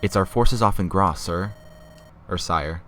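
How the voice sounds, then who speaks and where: A man's voice: deep voice, a little slow, pushed and bright, a little hiss or hum. A young man voicing a polite male castle servant in a shaky attempt at a British accent, over game music. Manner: deferential.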